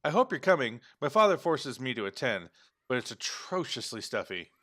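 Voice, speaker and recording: A man plays a smooth, snobbish gentleman uncle in a story game, courteous on the surface and ingratiating underneath. The put-on French accent stays polished throughout, and the tone has a bright edge. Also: mid-range voice, very animated, normal speed. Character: suave, snobbish middle-aged gentleman uncle.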